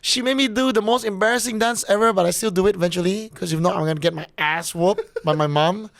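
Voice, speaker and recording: A man with a Malaysian English accent, a podcast guest telling stories in a chatty, slangy, animated way. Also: high voice, quick pace, vocal fry, dry recording. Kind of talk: casual podcast storytelling.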